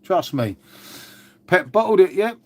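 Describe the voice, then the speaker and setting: Brief: man, casual live-stream host, gutted and sweary, voice sits a touch high. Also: very animated, measured pace. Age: older. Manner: glum, swears often, addresses viewers as mate. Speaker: channel host. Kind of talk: casual live chat to viewers.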